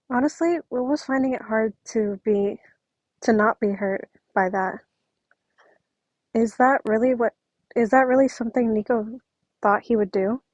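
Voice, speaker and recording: A woman's voice: mid-range voice, darkish tone, no echo. A woman reading fan fiction aloud at home, chatty and prone to apologetic asides. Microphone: home microphone.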